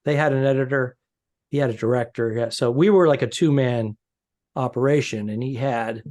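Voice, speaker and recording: A man co-hosting a comedy podcast in casual chat, telling a halting story and repeating his words. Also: mid-range voice, a little mellow.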